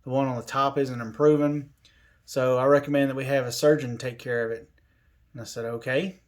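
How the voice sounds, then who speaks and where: A man telling a personal story in a casual, unhurried way, with plenty of fillers and restarts. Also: medium pitch, flat delivery. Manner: unhurried, lots of fillers and restarts, quoting others. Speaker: covid survivor telling his story.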